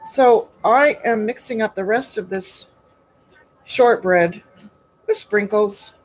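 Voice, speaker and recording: A woman's voice: mid-range voice, slow pace, slight background noise, poor audio. A woman hosting a casual live baking stream from her home kitchen, chatty and folksy, greeting viewers by name.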